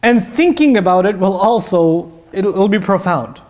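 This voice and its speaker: A man's voice: high-pitched, moderate pace. A man giving a lecture on Quran verses, telling stories with energy and putting questions to his listeners. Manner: animated storytelling, asks the audience questions. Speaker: Islamic teacher.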